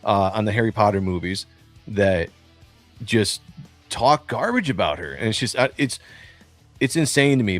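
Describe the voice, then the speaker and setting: A man's voice: medium pitch, a bit bright, no echo. A man in his forties hosting a livestream in casual chat, rambling with many fillers and restarts over a remote call. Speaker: livestream host. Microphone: remote call over a streaming studio.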